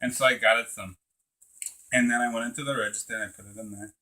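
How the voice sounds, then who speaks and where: A man putting on a rambling Mexican guy, fast and husky. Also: medium pitch, fairly even intonation, bright, forceful tone. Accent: put-on Mexican Spanish accent. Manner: meandering, flustered storytelling. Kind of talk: improvised comic storytelling.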